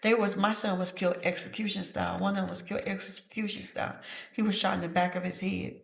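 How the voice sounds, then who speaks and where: A middle-aged grandmother, a guest giving personal testimony in a slow, halting, measured way. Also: mid-range voice, little pitch movement, creaky. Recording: echoey room.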